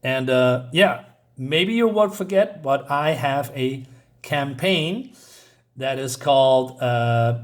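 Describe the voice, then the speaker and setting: A man reviews a comic book in a loose, chatty way. He rambles, fills pauses with "um" and "uh", and corrects himself often. He reads the characters' lines aloud in much the same plain voice as his own. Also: medium pitch. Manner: rambling, with many fillers and self-corrections. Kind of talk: casual video review.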